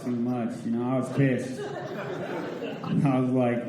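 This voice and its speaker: A man in his twenties doing a stand-up comedy set in a theatre, telling stoner stories with a laid-back, deadpan delivery. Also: medium pitch, slow pace, a crowd in the background. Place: theatre stage with audience. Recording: roomy theatre live recording. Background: audience laughter.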